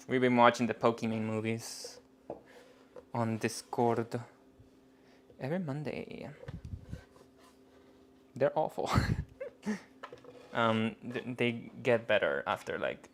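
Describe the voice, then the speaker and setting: A man's voice: medium pitch, fairly bright tone, slight background noise. A man chatting casually on a cooking live stream, joking about himself and laughing often. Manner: giggly, joking, self-mocking.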